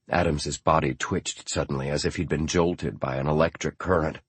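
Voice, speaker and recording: Deep, husky-voiced male narrator. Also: steady tone, normal speed, no room sound. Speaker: audiobook narrator. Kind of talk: scripted narration.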